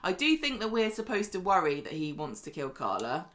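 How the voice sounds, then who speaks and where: A woman co-hosting a casual chat show, opinionated and quick to laugh. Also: on the low side. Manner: lively, opinionated, laughs often. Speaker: podcast co-host. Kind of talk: casual chat about a soap opera.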